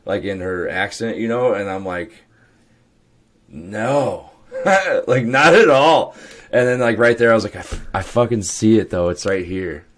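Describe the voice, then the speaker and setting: A man's voice: lowish voice, animated, a little slow. A young adult man co-hosting a podcast, telling loose stories with laughs and swearing. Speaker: podcast co-host. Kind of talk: casual chat.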